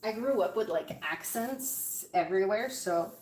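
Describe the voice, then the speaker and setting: A woman's voice: mid-range voice, animated, a little slow, slight background noise. Chatty woman baking in an echoey kitchen. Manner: chatty, thinking aloud while baking, often drops to a hush. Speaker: home baker. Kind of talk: casual kitchen vlog. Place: home kitchen.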